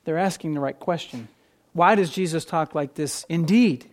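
A pastor preaching a sermon to a congregation, swinging between loud stressed phrases and quiet asides, and often repeating words when restarting a thought. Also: medium pitch, moderate pace.

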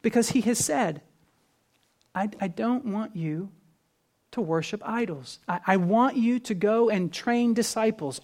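A man preaching with earnest conviction. His voice climbs to emphatic, louder peaks, then falls back to a low, quiet delivery. It has the steady rhythm of a sermon. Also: a little slow. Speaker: pastor.

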